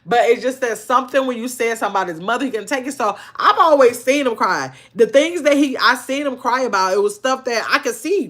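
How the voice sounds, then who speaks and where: A woman's voice: a little high, a bit bright. An older woman hosting a casual livestream, chatting loosely and answering viewers' comments as they come in. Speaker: livestream host.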